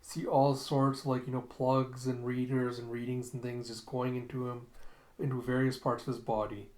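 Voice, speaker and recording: A man's voice: medium pitch, little pitch movement, normal speed, darkish tone, roomy sound. A man casually narrating a comic recap as host, chatty and laughing often. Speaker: comic read-along host.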